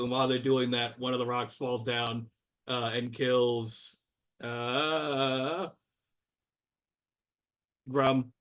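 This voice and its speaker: A man's voice: mid-range voice, little pitch movement, drawn-out words, pauses often, fairly bright tone, far from the mic. A man narrating a tabletop game as game master, rambling with lots of fillers and restarts. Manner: rambling, filler-heavy narration with sudden voices.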